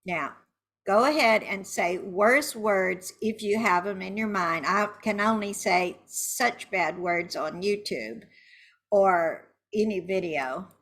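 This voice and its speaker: A middle-aged woman coaching a guided tapping session, speaking slowly and soothingly, then voicing loud angry phrases for viewers to repeat. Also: mid-range voice.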